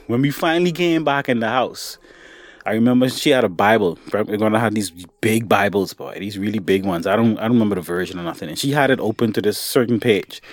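A man's voice: on the low side, no room sound. A man casually telling a personal story on a podcast, talking to the listener like a friend and calling him "buddy" and "boy". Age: adult, grown since childhood events.

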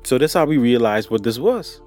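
A man's voice: medium pitch, lively intonation, fairly quick, darkish tone, soft background music. Casual man telling a personal story. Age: adult, grown since childhood events. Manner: casual, conversational, addresses listener as "buddy" and "boy". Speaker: podcast storyteller.

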